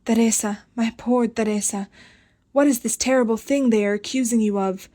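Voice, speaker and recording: A woman's voice: fairly high pitch, steady tone, normal speed, dark tone, close to an everyday voice. A woman voicing a distraught young man in an audiobook, desperate and pleading, close to screaming.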